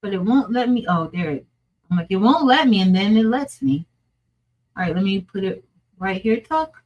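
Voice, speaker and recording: A woman hosting a casual crafting stream speaks at a moderate pace with a medium pitch and lively intonation. The lo-fi audio catches her thinking aloud, chatting, muttering as she works and laughing a lot.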